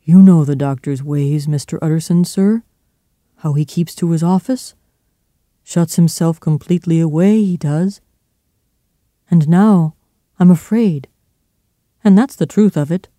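A man reading as a terrified old manservant, pleading and urgent. The voice is mellow and dark, and it sounds dry and close. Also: on the high side, normal speed, no echo, natural voice. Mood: fearful. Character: frightened loyal old male butler.

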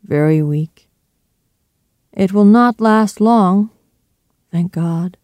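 Reader putting on a weak sad doctor guy, faint and dreary, slow drawn-out words, mellow tone. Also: high-pitched, no room sound, pitched above the performer's own voice. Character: weak, despairing middle-aged male doctor. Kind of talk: storybook reading.

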